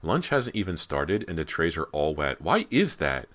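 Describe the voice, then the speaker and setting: A man's voice: extremely low pitch, very animated, normal speed, a bit bright, exaggerated voice. A man voicing a fussy teenage girl who complains a lot, in an audiobook reading. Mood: complaining. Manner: whiny, complaining.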